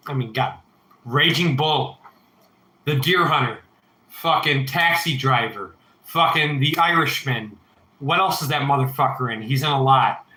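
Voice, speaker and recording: A man's voice: medium pitch, measured pace, pushed and bright, reverberant, rough recording. A man hosting a casual livestream Q&A, rambling through blunt, profanity-laced opinions while answering chat.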